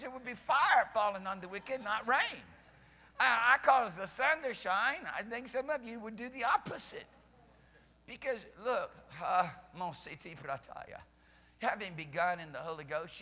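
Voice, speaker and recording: A male pastor preaching a charismatic sermon at a church service, fervent, swinging from loud shouts to soft pleading. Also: high voice, long reverb tail. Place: church sanctuary during a service.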